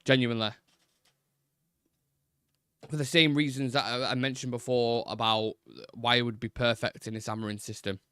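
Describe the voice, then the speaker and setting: A man hosts a casual live football fan stream, talking bluntly and swearing freely as he rambles and restarts his sentences. His voice sits at a middling pitch. The recording is close and dry, with no room sound. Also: flat delivery, moderate pace, long pauses, pushed and bright, clear, resonant tone, no echo. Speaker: football fan channel host.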